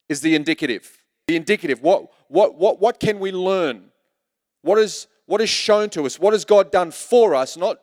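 Male pastor, emphatic sermon delivery, higher voice, echoing church hall. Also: darkish tone. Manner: emphatic, repeats words when building a point.

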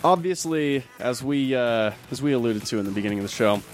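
A man's voice: medium pitch, a little fast, soft background music. Laid-back young man telling a story. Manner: storytelling, relaxed, laughing often. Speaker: podcast host. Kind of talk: casual chat.

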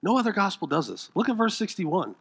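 A man delivers a sermon as pastor, with a fairly high, bright, forceful voice. He is dramatic, swinging from loud emphatic bursts to hushed near-whispers. He puts questions to his listeners and acts out the quoted lines. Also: big pitch swings, a little fast, gravelly, husky.

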